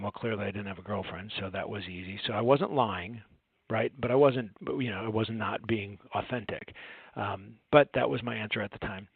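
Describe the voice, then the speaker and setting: Husky man talking over a tinny line. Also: mid-range voice, no room sound. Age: 40s. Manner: earnest, storytelling, frequent fillers and rhetorical "right?". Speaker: home care agency owner presenting a training session. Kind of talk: conversational presentation. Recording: tinny phone-like dry audio.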